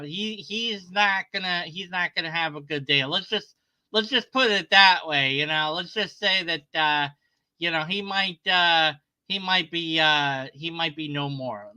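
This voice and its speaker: A man's voice: on the high side, a little slow, sharp tone, clear, resonant tone, rough recording. A man sarcastically retelling a story in casual commentary, mocking the people in it.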